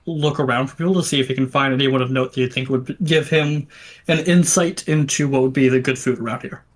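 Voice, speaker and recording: A man's voice: medium pitch, fairly even intonation, fast talker. A man playing a tabletop game, talking in a casual, profane, joking way. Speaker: player.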